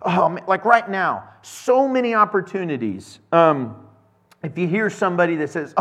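A man with a fairly high voice preaches to his congregation in a relaxed, chatty way. He acts out everyday scenes, slipping into quick voices for the people in his stories. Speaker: pastor. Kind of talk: casual sermon.

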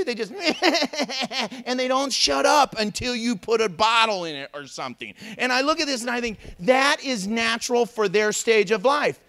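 A man's voice: extremely high pitch, sharp tone. A male pastor preaching a sermon, joking and acting out voices of babies and critics as he goes.

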